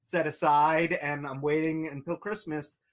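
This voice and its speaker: A man's voice: a little high, flat delivery, unhurried. Easygoing man chatting about collectibles. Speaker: show co-host. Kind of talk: casual chat about collectibles.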